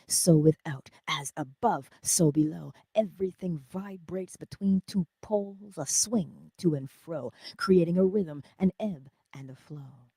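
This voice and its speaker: A woman hosting a morning inspiration stream, giving an animated motivational talk that moves between loud cheering and soft whispers, laughing often. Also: low-pitched, slightly rough, dry recording, studio quality.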